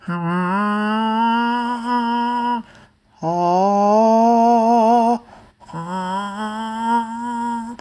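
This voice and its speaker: A young woman teaching voice in a chatty, informal way, pausing with fillers and correcting herself. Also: deep voice, darkish tone. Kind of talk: casual spoken singing lesson.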